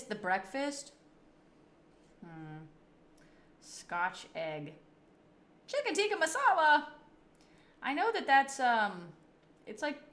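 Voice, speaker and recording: A chatty woman talks loosely on her livestream, rambling from one reaction to the next. Her voice is bright and forward and sits a little high. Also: roomy sound. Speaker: streamer. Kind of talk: casual livestream chat.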